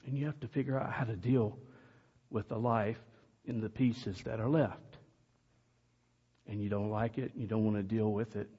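A pastor delivering an earnest sermon in a church, speaking slowly with occasional loud calls to the congregation. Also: male voice, on the low side, fairly even intonation, husky. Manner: slow, earnest preaching with sudden loud calls. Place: church sanctuary. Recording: dull, distant sound in a reverberant hall.

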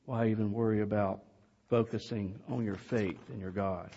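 A pastor delivering an earnest sermon in a church, speaking slowly with occasional loud calls to the congregation. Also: male voice, lowish voice, steady tone, husky. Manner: slow, earnest preaching with sudden loud calls. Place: church sanctuary. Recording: dull, distant sound in a reverberant hall.

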